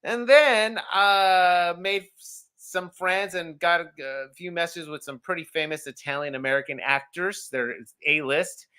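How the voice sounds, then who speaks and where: A man chatting as a guest on a sports podcast, excitable and hyped. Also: sits high, measured pace, few pauses, clean tone. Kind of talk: casual sports podcast chat.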